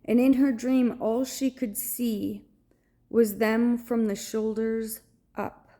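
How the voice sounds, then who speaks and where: A woman vlogger recounting a dream to camera in an earnest, halting way, often pausing to search for words. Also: on the high side, fairly even intonation, dark tone. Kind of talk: personal storytelling to camera.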